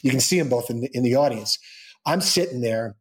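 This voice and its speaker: Speaking at a medium pitch and a fairly quick clip, this male interview guest tells a lengthy personal story in a relaxed way. His telling wanders, full of restarts and quotes he performs aloud.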